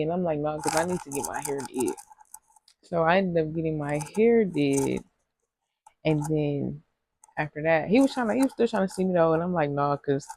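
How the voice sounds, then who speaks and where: A young woman vlogger with a low-sitting, slightly mellow voice tells her viewers a rambling, slangy story, laughing often. It's casual storytime chat, with slight background noise.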